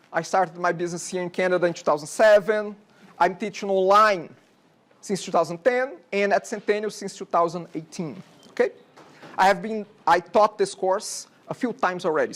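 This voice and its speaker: A Brazilian man in his forties, with a Brazilian Portuguese accent and a high, fairly bright voice, gives a chatty classroom lecture as a college instructor. He often checks in with "okay?".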